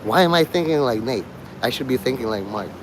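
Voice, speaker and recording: A man's voice: mid-range voice, expressive, fairly quick, noisy background. A man rambling to his livestream chat, swearing, joking and laughing often.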